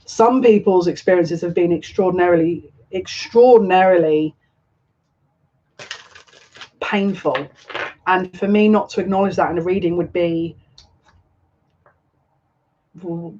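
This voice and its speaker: On a slightly muffled, lo-fi recording, a tarot reader from the United Kingdom gives a collective reading in a mid-range, darkish voice with little pitch movement. The pace is normal but broken by long pauses, and the reader is emotional and overwhelmed, often breathless and restarting.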